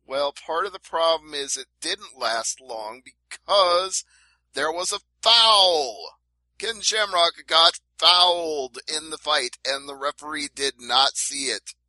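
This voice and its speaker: A man's voice: a little high, slow, bright, forceful tone, no echo, rough recording. A man co-hosting a casual fight-sports podcast, laying out events step by step with emphasis. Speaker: podcast co-host. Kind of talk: casual MMA talk.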